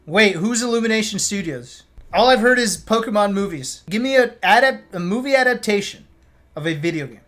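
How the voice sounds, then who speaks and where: A man's voice: high voice, lively intonation, fairly quick, fairly bright tone. A young man streaming live, ranting in a blunt, sarcastic way and swearing freely. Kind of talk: casual live-stream rant.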